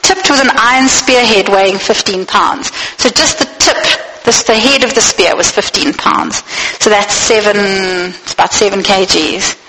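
A woman's voice: medium pitch, bright, forceful tone, a little hiss or hum. A woman preacher giving a sermon, earnest and asking her listeners direct questions, in a space with long reverb.

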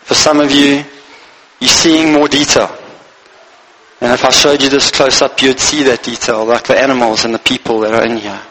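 A man's voice: mid-range voice, fairly even intonation, normal speed, a bit bright, rough recording. A man preaching a Christmas sermon as pastor, speaking earnestly in short phrases and reading scripture aloud.

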